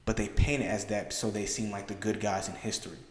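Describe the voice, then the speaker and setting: A man's voice: lowish voice, level tone, fast talker. A man hosting a podcast, speaking reflectively and emphatically in casual discussion and often checking in with "right?". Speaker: podcast host. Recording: roomy with long reverb.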